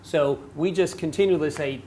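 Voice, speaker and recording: A man's voice: a little high, normal speed, mellow, a little hiss or hum. A man co-hosting a dating talk, explaining points in a plain, matter-of-fact way. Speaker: co-host, dating coach. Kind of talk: casual coaching talk.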